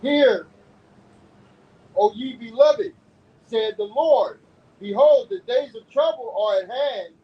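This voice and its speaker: A man reading scripture aloud slowly and deliberately for a street preaching group. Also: very high-pitched. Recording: distant, dull mic with faint noise.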